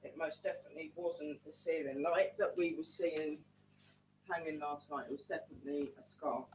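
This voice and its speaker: A woman's voice: low voice, fairly even intonation, normal speed, a little mellow, slight background noise, low-quality recording. A woman talks to her live-stream audience as she runs a ghost hunt from her home. She chats loosely and keeps calling the viewers "guys", like a team leader showing them around. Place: at home indoors.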